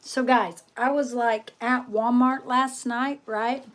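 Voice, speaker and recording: A woman talks straight to her livestream viewers in a loose, chatty way, with a voice that sits a little high. She keeps calling them guys and tacks okay onto her sentences, speaking into a phone she holds in her hand. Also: steady tone, slow. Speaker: tarot reader livestreaming. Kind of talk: casual livestream chat to viewers.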